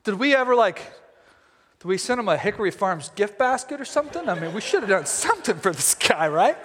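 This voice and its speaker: A man's voice: high-pitched, very animated, a little fast, fairly bright tone, long reverb tail. A man voicing a vain, dopey male king who is smitten and self-absorbed. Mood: musing.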